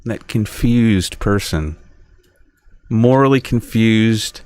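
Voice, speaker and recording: A man's voice: lowish voice, slow, a little mellow, clean tone, no room sound. A middle-aged man rambling through a solo podcast monologue, often stopping and restarting, sounding aggrieved. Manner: rambling, self-interrupting, aggrieved. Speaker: podcast host.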